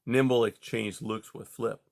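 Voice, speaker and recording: A man narrating a children's novel in a steady, measured reading style. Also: mid-range voice, creaky. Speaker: audiobook reader. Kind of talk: storybook narration.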